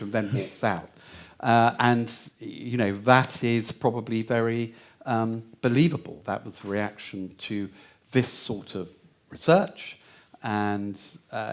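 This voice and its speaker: A man giving a lecture answer, meandering with many fillers and restarts. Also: fairly low pitch.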